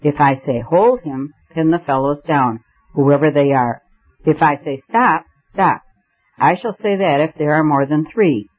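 A man's voice: on the high side, measured pace, breathy edge, highs cut off. A man voicing an eager young man who plays detective, with dramatic, commanding speech.

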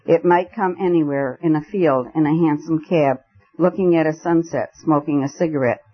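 Guy narrating an old story, kinda high voice, measured and expressive, muffled lo-fi sound. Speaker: audiobook narrator. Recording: dull lo-fi recording.

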